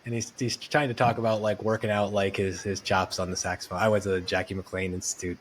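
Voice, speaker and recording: A man, a musician and podcast guest, telling stories in a chatty, animated way and acting out what people said. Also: sits low, quick pace. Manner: animated storyteller, acting out quotes. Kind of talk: conversational storytelling.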